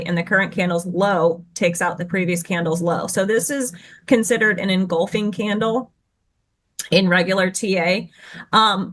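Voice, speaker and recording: Woman rushing through a chart lesson. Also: medium pitch, fairly bright tone. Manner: rushed, tumbling explanations with self-corrections. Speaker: guest trading educator. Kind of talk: explaining chart patterns on screen.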